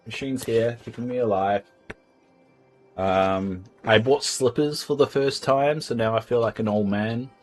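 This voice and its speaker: A man chatting casually on a livestream from home, rambling and tripping over his words as he reads out donations. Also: lowish voice. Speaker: streamer. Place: home, indoors.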